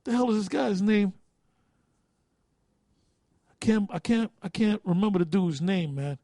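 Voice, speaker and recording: A man with a high, lively voice preaches to his group in blunt, profane street talk. He often stalls mid-sentence hunting for a word, then presses on. The sound is dry and close. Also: a little slow, dry recording. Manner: loses words and restarts while thinking aloud. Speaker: teacher leading a group study.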